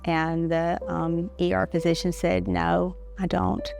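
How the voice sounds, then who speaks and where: A middle-aged woman speaks low and in a flat, even tone with a gravelly edge. She tells her story haltingly, stopping and restarting often. Guitar music plays clearly beneath her voice. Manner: halting, many pauses and restarts. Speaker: interview guest. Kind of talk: personal story in an interview. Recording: music playing underneath.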